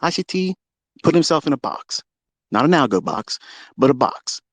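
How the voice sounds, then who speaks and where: A man hosting a live audio stream, delivering a heated, profane and boastful rant that swings between loud outbursts and low muttering. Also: big pitch swings, moderate pace, no room sound. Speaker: trading educator and Twitter Space host.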